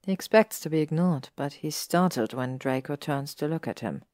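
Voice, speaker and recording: A woman narrating an audiobook story in a measured, even way. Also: sits low, dry recording, studio quality. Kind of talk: audiobook reading of fan fiction.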